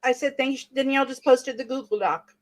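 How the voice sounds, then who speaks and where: A woman's voice: high-pitched, fairly quick, no room sound. A woman co-hosting a casual livestream, chatting and reading out viewer comments.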